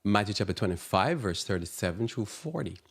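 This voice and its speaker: A man with a fairly low voice hosts a Christian radio talk show in a preaching style. He fires off indignant rhetorical questions, and his pitch leaps up when he is outraged. His phrasing is loose and rambling, full of restarts. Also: lively intonation, brisk, gravelly, breathy edge.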